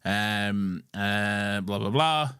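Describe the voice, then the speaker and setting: A man's voice: fairly low pitch, animated, extremely slow, pushed and bright, clear, resonant tone, no room sound, studio quality. A young man co-hosting a podcast, recapping an episode in a casual, swear-filled chat and laughing often. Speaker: podcast co-host.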